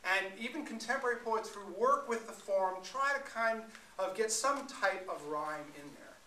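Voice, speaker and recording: Bright, high-voiced playful male poet. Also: normal speed. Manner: energetic and playful, joking with the audience. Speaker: poet performer. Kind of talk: live poetry performance talk. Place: live venue before an audience. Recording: echoey room, mic far off.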